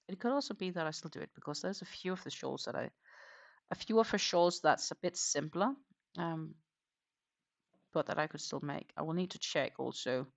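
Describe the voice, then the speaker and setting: A crochet livestream host chatting casually while working, rambling with lots of hesitations and quietly counting stitches. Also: mid-range voice, creaky. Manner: rambling and hesitant, many fillers, counts stitches under breath.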